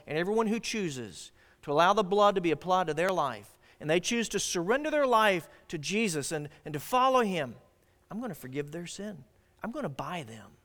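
A man preaching a sermon as pastor, swinging from loud declarations to hushed asides. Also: fairly high pitch, sing-song, normal speed, in a large hall.

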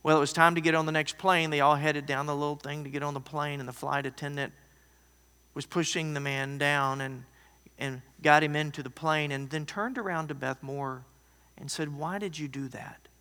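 A man preaches in a large church hall, his bright voice sitting a little high. He tells his story dramatically, rising loud and then dropping to near whispers. Long reverb trails after each phrase. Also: fairly even intonation, moderate pace. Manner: storytelling, swings from loud to hushed. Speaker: pastor. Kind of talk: sermon.

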